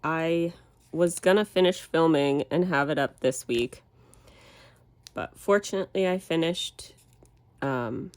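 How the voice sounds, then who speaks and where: Speaking low and unhurried with frequent pauses, this woman runs a crafting channel and talks loosely while working, her voice nasal from a cold. The recording is dry, and her manner is relaxed, rambling and self-correcting.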